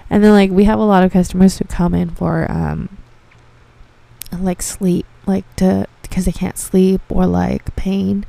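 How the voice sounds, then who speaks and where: A woman's voice: fairly low pitch, little pitch movement, moderate pace, gravelly, warm tone, dry recording. A young woman hosting a casual podcast monologue, rambling, swearing freely and filling with "like". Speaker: podcast host.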